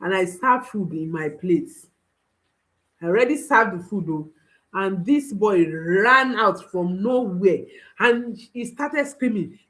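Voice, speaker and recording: A woman's voice: medium pitch, expressive, slow, a bit bright, rough recording. A woman speaking as a parenting coach, giving an instructional talk and repeating key phrases for emphasis while reassuring listeners directly.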